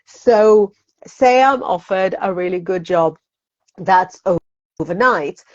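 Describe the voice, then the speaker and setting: A psychic guest in a conversational interview, this woman talks animatedly, laughs often, and acts out her inner voices as quotes. Her voice is medium in pitch and slow, and the highs are cut off.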